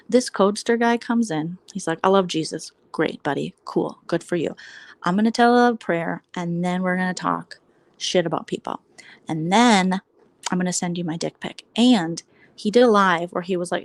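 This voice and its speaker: A woman hosts a casual late-night livestream with sassy, blunt, mocking commentary. Her voice sits in a middle pitch. The recording is dry and close, with no room echo. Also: a little mellow. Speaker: livestream host.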